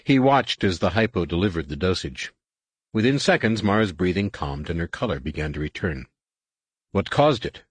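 A man narrates a novel in a steady, measured way. His voice is low with a husky grain. The recording is close and dry. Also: no echo. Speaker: audiobook narrator. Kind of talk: scripted narration.

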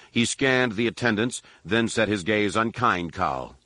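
A man narrating a science fiction audiobook in a steady, measured way. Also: lowish voice, dry recording. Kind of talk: scripted narration.

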